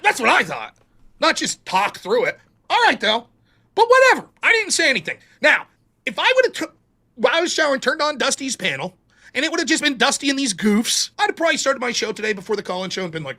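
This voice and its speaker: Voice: high voice, sing-song, fairly quick, bright, forceful tone. A streamer in a played clip, ranting with sarcasm and indignation and swearing heavily. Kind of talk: angry profane rant.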